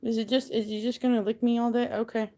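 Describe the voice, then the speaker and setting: Excitable rambling woman on a phone livestream. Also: on the high side, fast. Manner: rambling, gets hyper and excitable. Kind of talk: casual livestream chat. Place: her messy bedroom. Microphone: phone camera.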